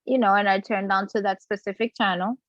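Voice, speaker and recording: A woman in her thirties, a guest in a casual chat, telling her story in an animated way with many fillers. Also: medium pitch, a little fast, dry recording, highs cut off. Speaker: interview guest.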